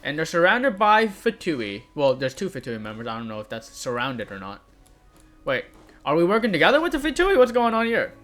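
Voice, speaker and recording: Bright high-voiced young man reading game lines. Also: wildly swooping pitch, fairly quick, faint music behind. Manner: reads character lines aloud with light voicing, laughs and confused asides. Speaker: gamer. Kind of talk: let's play commentary, reading game dialogue aloud.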